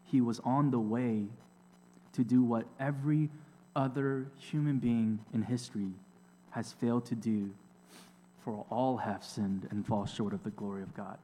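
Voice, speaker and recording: A man preaching a sermon, slow and deliberate, with emphatic repetitions and rhetorical questions. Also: lowish voice, dark tone. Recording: long hall reverb.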